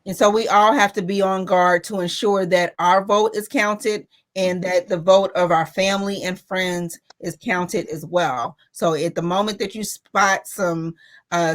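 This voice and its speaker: Low-voiced woman interviewer. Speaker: interviewer, host.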